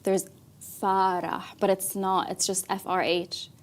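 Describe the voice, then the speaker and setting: A woman co-hosting a morning show in casual chat, relaxed and patient when explaining. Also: medium pitch, a little slow. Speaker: co-host.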